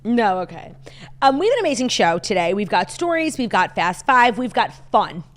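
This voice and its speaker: A woman co-hosting a podcast, telling stories in an animated, chatty way with many filler "likes". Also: mid-range voice, normal speed. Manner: chatty, animated storytelling with frequent "like". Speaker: podcast co-host. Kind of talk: casual chat.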